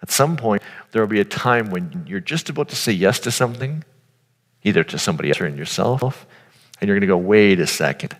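This earnest, informal sermon comes from a man whose fairly low voice moves quickly with lively intonation. He addresses his audience directly in a conversational style, and the recording has a long hall reverb.

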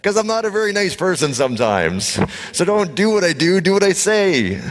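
A man preaching a conversational sermon, animated, blunt and joking with his congregation. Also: high voice, normal speed. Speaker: pastor. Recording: echoey hall reverb.

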